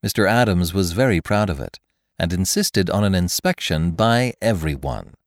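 A man with a deep, low voice narrates a classic tale in scripted audiobook style. His reading is expressive, with lively rises and falls in pitch. The sound is close and dry. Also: no room sound. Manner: expressive, measured storytelling. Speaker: podcast narrator.

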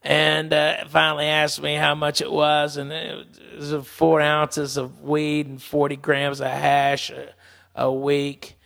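Male podcast host, gravelly and slightly high, rambling storyteller, long reverb on the track. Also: completely flat delivery, a bit bright. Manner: rambling, halting, swearing. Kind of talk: storytelling, casual talk.

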